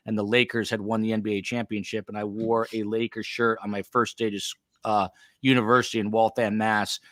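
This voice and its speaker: A man from the Northeast United States hosts a podcast in a chatty, feisty way, wandering off into asides. His voice sits low, and the sound is dry and close to the mic. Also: fairly bright tone, dry recording. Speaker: podcast host. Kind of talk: casual podcast chat.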